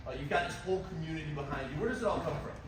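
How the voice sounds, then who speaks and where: A man hosting a live comedy talk show on a club stage, excitable and laughing as he interviews a guest. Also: on the high side, very fast. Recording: echoey room, far mic, loud noise.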